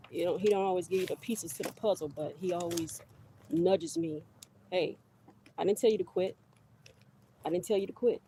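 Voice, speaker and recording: A woman's voice: lowish voice, warm tone, slight background noise. A middle-aged woman hosting a casual livestream outdoors in her garden, rambling chattily to her viewers on a handheld phone. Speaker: livestream host. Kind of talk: casual live-stream chat. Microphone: phone held close.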